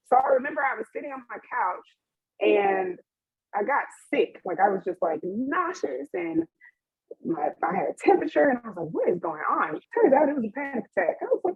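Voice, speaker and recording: A young woman speaks candidly on a webinar panel, her voice husky and breathy. The sound is dry and narrow like a phone line, recorded over a video call. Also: medium pitch, dry recording. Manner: open and emotional, with frequent laughs and fillers.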